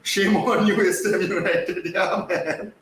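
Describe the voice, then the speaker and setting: A man's voice: high voice, fairly even intonation, slow, fairly bright tone. Man with a cracked voice, echoey room. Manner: rambling, repeats words, many fillers. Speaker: fan channel host. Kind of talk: casual live football chat. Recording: distant mic in a very echoey room.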